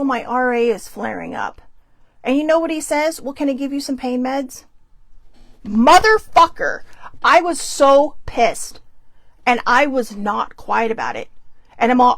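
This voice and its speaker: A middle-aged woman tells a story in a blunt, profane, animated way, slipping into the voices of the people she quotes. Her voice sits high and carries a gravelly fry. The sound is close and dry, with almost no room around it. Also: dry recording. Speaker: podcast host. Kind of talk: casual storytelling monologue.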